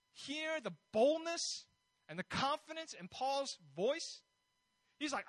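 High-voiced man preaching conversationally. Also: animated, slow pace, dry recording, poor audio. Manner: conversational, bold preaching with rhetorical questions. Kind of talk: sermon.

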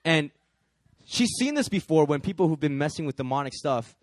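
A man's voice: on the high side, brisk, dry recording. A man preaching a sermon, telling a story and acting out each person in it. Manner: animated, acts out every character.

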